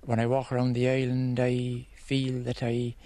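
An Irish man, a local parishioner, reflecting in an interview in a halting, thoughtful way. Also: medium pitch, monotone, mellow, no room sound.

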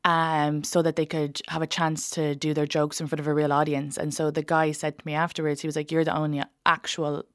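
Low-voiced woman telling stories fast. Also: no echo, clean studio sound. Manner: fast, animated, laughing storyteller. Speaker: stand-up comedian, guest. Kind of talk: casual interview chat, storytelling.

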